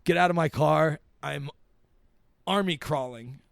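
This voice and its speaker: Gravelly, profane young man telling a story. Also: on the high side, unhurried, dry recording, clean studio sound. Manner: laid-back, profane, laughs while telling. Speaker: podcast guest, comedian. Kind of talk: casual storytelling.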